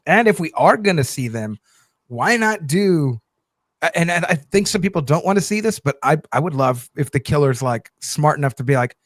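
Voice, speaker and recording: A man chatting casually about a movie trailer in an animated way, restarting his sentences and saying "like" a lot. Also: a little high, moderate pace, no echo, studio quality. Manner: animated, repeats words and restarts, says "like" often. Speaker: podcast co-host.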